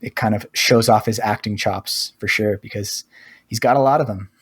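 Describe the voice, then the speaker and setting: A man co-hosting a podcast, chatting in a relaxed, rambling way with lots of fillers. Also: fairly low pitch, normal speed, slightly rough. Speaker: podcast co-host. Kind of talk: casual podcast chat.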